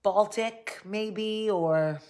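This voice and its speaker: A woman with a New Jersey–New York accent hosts a loose storytelling chat. She is a bit tipsy and slow-paced, and she drifts into jokey, off-the-cuff asides. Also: medium pitch, darkish tone. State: tipsy from drinking. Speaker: host. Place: indoors, seated in a chair.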